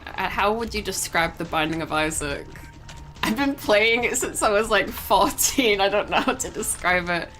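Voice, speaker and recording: A woman's voice: mid-range voice, moderate pace, fairly bright tone. A young woman streaming live, chatting casually and rambling, with frequent giggles and casual swearing. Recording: faint game music behind.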